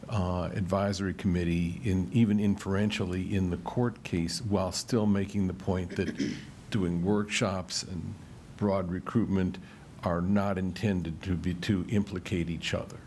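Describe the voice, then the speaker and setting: Guy on a committee, very deep voice, lots of stammering restarts, faint hum behind. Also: fairly even intonation, mellow. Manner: halting, reads wording slowly. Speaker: committee member. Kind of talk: formal meeting discussion.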